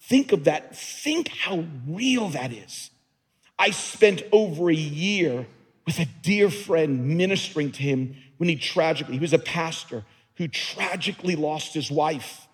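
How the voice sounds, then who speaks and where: A male pastor delivers a sermon, earnest and emphatic, doubling back on words as he drives each point home. His voice sits high and carries a husky edge. A long reverb from a large hall trails his words. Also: lively intonation, unhurried.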